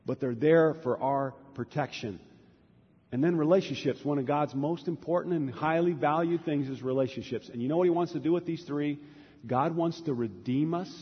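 A man's voice: fairly high pitch, breathy edge. A man preaching a sermon as pastor, repeating key words for emphasis. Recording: reverberant church hall, dull lo-fi.

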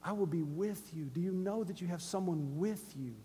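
A middle-aged male pastor preaching a sermon in a church, moving between hushed conversational asides and loud urgent exhortation. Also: high voice, normal speed, a little hiss or hum. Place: church sanctuary. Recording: long hall reverb.

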